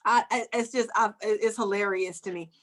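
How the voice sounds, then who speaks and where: A woman's voice: medium pitch, steady tone, fairly quick, fairly bright tone. A woman talking animatedly in a casual podcast chat, often laughing and acting out quoted voices. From United States. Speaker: guest author and comedian.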